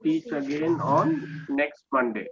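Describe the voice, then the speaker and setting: A man's voice: a little high, big pitch swings, slow pace, a crowd in the background. A man with an Indian English accent, teaching an online class and patiently correcting students' speech, often checking with "okay?". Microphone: video call. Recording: dull lo-fi video call audio.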